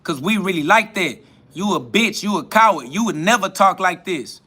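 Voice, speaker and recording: A man's voice: high voice, expressive, normal speed, sharp tone, slightly rough. A man hosting a live stream, boasting and trash-talking in a preachy, repetitive way, answering viewers' comments.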